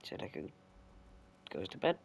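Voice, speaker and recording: A man's voice: moderate pace, a little hiss or hum. A young man gives casual gameplay commentary, rambling through a story and correcting himself as he goes. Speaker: gaming video creator. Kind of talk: casual commentary while playing and telling a story.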